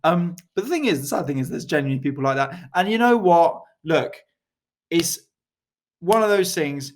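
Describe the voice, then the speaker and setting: A man's voice: on the high side, lively intonation, moderate pace. Laughing, swearing man. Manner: sweary, mock-conspiratorial banter, frequent laughing. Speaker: podcast co-host. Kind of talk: casual comedic chat.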